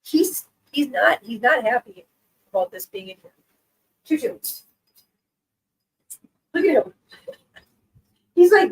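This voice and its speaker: A woman's voice: high-pitched, big pitch swings, slow pace, long pauses, breathy edge, poor audio. A woman hosting a casual live stream who chats with viewers, laughs often and coos baby talk at her cats.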